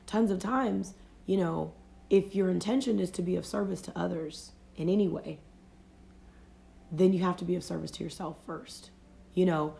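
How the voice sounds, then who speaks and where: A woman's voice: lowish voice, gravelly, warm tone. A woman life coach giving a casual motivational talk on a phone livestream, speaking reflectively and often saying "you know".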